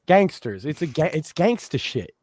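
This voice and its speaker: A man co-hosting a casual political chat show, talking bluntly with lots of swearing and emphatic, rough-edged opinions. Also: fairly high pitch, big pitch swings, moderate pace, darkish tone. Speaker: podcast co-host.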